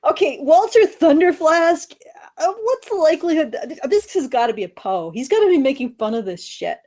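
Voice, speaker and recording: Woman, podcast co-host; high voice, blunt, sarcastic, swears freely. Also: very animated, normal speed, dark tone. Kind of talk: casual chat.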